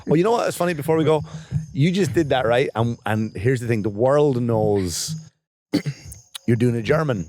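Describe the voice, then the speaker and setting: A man's voice: mid-range voice, animated, normal speed, darkish tone, no echo, clean studio sound. A man, a stand-up comedian co-hosting a casual comedy podcast, talking in a rambling, joking way with lots of restarts and swearing.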